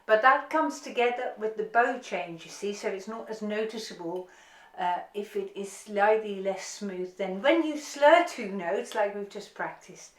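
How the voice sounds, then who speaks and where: A woman's voice: mid-range voice, measured pace, echoey room. A woman teaching an online violin lesson, giving encouraging step-by-step instructions.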